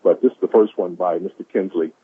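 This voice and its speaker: A man's voice: deep voice, steady tone, quick pace, slightly rough. A man giving an enthusiastic, preachy motivational talk on a conference call, repeating lines for emphasis. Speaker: caller sharing quotes of the day. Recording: tinny phone line.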